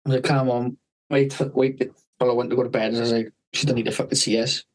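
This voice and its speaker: A man, hosting a podcast, who tells a rambling, animated story, swearing constantly and laughing partway through. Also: mid-range voice, fast, poor audio. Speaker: podcast host. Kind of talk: casual storytelling chat.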